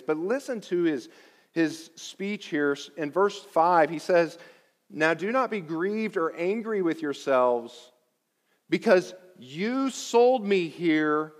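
A man preaching a sermon, emphatic and deliberate, repeating key phrases for weight. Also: on the high side, long reverb tail. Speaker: pastor.

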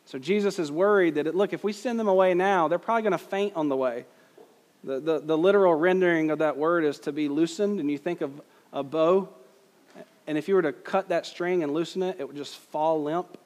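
Pastor guy preaching casual-like, quizzing the congregation, high-ish voice. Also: brisk, darkish tone, big-room sound. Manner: conversational preaching, asks the congregation questions. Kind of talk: sermon.

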